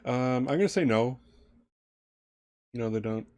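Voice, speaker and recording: A man's voice: mid-range voice, unhurried, darkish tone, no echo. A man narrating as game master of a tabletop game, rambling with many fillers and restarts.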